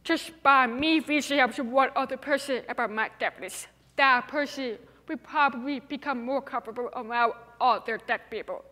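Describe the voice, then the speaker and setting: Hardly pausing, a young woman with a deaf speaker's accent pushes through an earnest, emphatic inspirational TEDx talk at a normal speed, her high voice pushed and bright. The large hall echoes around her.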